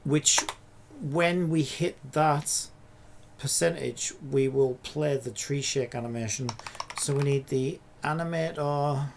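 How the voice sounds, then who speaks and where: A man talks through his game coding on a live stream, rambling and thinking aloud with casual swearing. His voice sits a little high and has a gravelly edge. Faint keyboard typing and light noise sit behind him. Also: takes it slowly. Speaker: streamer and indie game developer.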